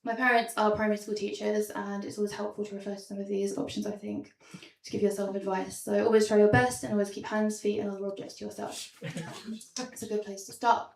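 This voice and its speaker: A woman's voice: mid-range voice, little pitch movement, a little fast, creaky. A young woman doing stand-up comedy in a small theatre, wry and self-deprecating, with a lot of ums. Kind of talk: stand-up comedy show with slides. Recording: roomy sound from a distance.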